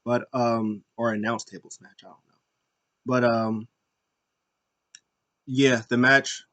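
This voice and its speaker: A man hosting a casual wrestling recap show, rambling with lots of fillers and restarts, acting out bits of what he watched. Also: on the low side. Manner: rambling, animated retellings with frequent fillers and restarts. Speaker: podcast host.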